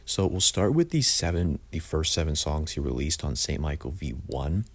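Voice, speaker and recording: A man's voice: rumbling low, very animated, moderate pace. A young man reviewing music in a casual, opinionated way, blunt and full of "like". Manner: opinionated, blunt, says "like" often. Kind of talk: casual album ranking review.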